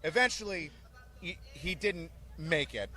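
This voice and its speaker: An army drill sergeant tells blunt, joking stories in an interview, animated throughout. His voice is on the high side, and he speaks a little slowly.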